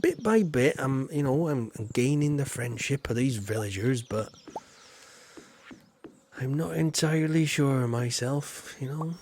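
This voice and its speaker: A man's voice: medium pitch, expressive, measured pace, a little mellow, a little hiss or hum. A man chatting casually as he streams a farming game, rambling with cheeky asides. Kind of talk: casual gameplay commentary.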